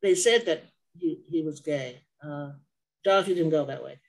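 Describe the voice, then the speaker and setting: A woman's voice: deep voice, normal speed, background noise. An older woman sharing memories as an interview guest, rambling and digressing, often stopping to correct herself. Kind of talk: oral history storytelling.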